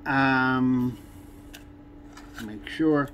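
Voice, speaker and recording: A man in an unboxing vlog, talking slowly with lots of hesitant pauses. He sounds irritated and complaining as he goes through the items. A faint hum of background noise sits behind his voice. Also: mid-range voice, muffled recording. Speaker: fishing channel host.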